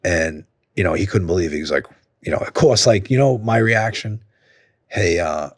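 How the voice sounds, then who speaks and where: A man's voice: fairly low pitch, lively intonation, brisk, slightly rough, no echo, studio quality. A man with a Boston accent hosting a podcast, telling loose, rambling stories in casual chat and swearing freely. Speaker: podcast host.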